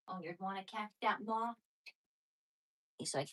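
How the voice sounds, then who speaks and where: A woman's voice: mid-range voice, a little slow, long pauses, no room sound. A woman live-streaming from her kitchen at home. She chats casually and rambles with her viewers, often trailing off and restarting, and coos to her dog in baby talk. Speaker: livestreamer chatting with viewers.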